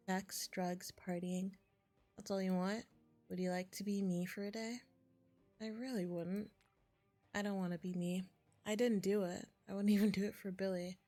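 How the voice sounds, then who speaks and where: A woman's voice: mid-range voice, dark tone. A woman streaming a game, reading the dialogue aloud between chatty asides. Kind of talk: casual gameplay commentary.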